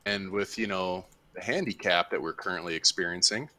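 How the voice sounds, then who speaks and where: A man's voice: sits low, fairly quick, sharp tone. A man in casual voice chat, rambling and commenting on his own play while gaming with friends. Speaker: gamer.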